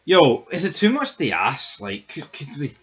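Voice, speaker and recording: A man's voice: a little high, huge pitch swings, moderate pace, fairly bright tone. Exasperated Scottish man ranting. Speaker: show reviewer. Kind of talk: casual podcast review chat.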